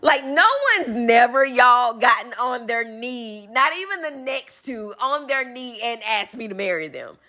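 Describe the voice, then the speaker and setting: A woman's voice: on the high side, a little slow, hardly any pauses, sharp tone. A young woman, chatting casually at home as she tells a personal story and quotes people's lines. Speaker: vlogger. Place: home living room.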